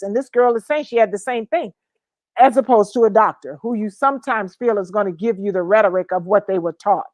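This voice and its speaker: A woman co-hosting a casual online talk show, lively and chatty, often talking over her co-host. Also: medium pitch, a little fast, dry recording.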